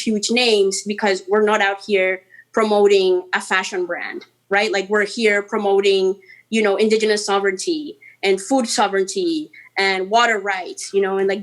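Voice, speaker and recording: A Colombian woman musician, a guest in a casual interview, talking in an animated, chatty way with playful, mocking asides. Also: mid-range voice. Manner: animated and chatty, full of "like" and "you know".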